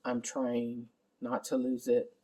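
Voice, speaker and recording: A woman's voice: a bass voice, completely flat delivery, slow pace, dark tone. A middle-aged woman caring for her father, giving a candid, rambling vlog update while exhausted. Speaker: family caregiver.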